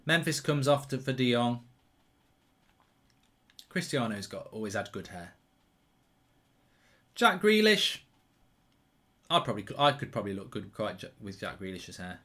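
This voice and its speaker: A man hosts a live football watchalong, mixing excited reactions to chances with casual chat and viewer questions. His voice is bright and forceful, sitting at a middling pitch. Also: measured pace, pauses often.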